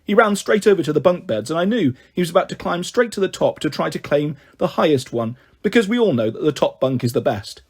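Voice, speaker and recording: A man reading a children's book aloud, lively and expressive. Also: fairly high pitch, quick pace, few pauses, husky. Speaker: storyteller.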